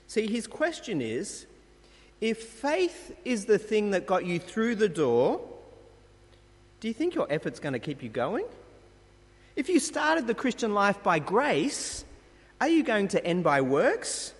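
A man delivers a sermon in a lively, rising and falling voice, set a touch high for a man. He presses his points with emphatic rhetorical questions. His words ring out with the long reverb of a large hall. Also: unhurried. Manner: emphatic, rhetorical questions, addresses listeners as friends. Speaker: pastor.

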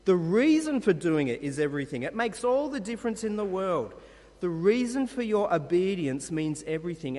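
A man preaches in a church, his voice sitting high and swinging up and down as he presses his points with rhetorical questions. The sound carries a long, echoing church reverb. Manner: emphatic, rhetorical questions, dramatic pitch swings. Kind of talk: sermon.

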